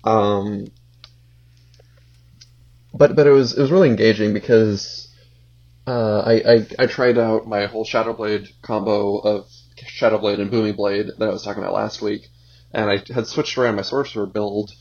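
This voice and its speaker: A man co-hosting a podcast, chatting hesitantly with many pauses, on a muffled, lo-fi mic. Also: fairly low pitch, steady tone, a little mellow. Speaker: podcast co-host. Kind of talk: casual chat.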